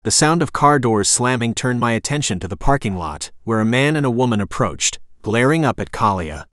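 A man reading a first-person audiobook narration in a wry, expressive manner. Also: mid-range voice, fairly quick, dry recording, studio quality.

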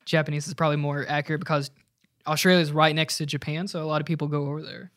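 A man's voice: on the high side, flat delivery, rapid-fire, a bit bright. A man co-hosting a podcast in casual chat, rambling and jokey, trailing off mid-sentence. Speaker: podcast co-host.

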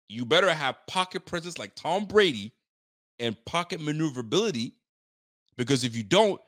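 A man hosting a casual sports podcast, joking and animated, talking in slang. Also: medium pitch, no room sound. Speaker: podcast host.

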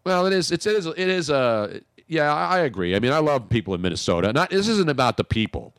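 Animated joking male radio host. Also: fairly high pitch, fast talker, clear, resonant tone, no room sound, studio quality. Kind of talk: casual radio chat.

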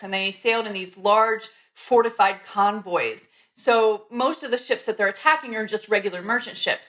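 Woman, podcast chat, steady informal explaining. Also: medium pitch. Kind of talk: casual explanation.

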